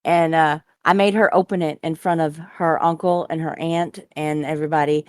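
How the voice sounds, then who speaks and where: A woman co-hosting a casual talk show, telling a raunchy family story in a blunt way. Her voice sits low for a woman and sounds dry and close. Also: steady tone, normal speed, no room sound. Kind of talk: casual chat.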